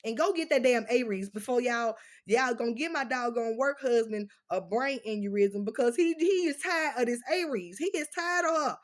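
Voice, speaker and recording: A woman, talking fast and emphatically straight to viewers in a casual rant, her words often running together. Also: a little high. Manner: emphatic, repeats "doggone", fast slurring talk. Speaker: vlogger addressing viewers. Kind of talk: casual direct-to-camera rant. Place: indoors at home, dim lighting.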